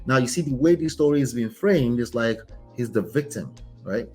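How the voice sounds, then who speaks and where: A man's voice: medium pitch, expressive, moderate pace, a little mellow, faint music behind. A man, a relationship coach host giving casual, emphatic commentary and often asking "right?". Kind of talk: casual commentary on a reader's story.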